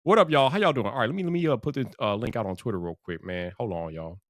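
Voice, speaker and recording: A man's voice: medium pitch, fast talker, no room sound, clean studio sound. A man hosting a casual livestream, greeting chat viewers by name and sounding exasperated. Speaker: livestream commentary host.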